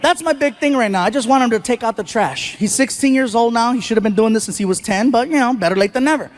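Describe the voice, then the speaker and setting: High-voiced man doing stand-up. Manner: animated storytelling with shouted voice impressions. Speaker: stand-up comedian. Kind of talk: stand-up comedy routine. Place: stage before a live audience.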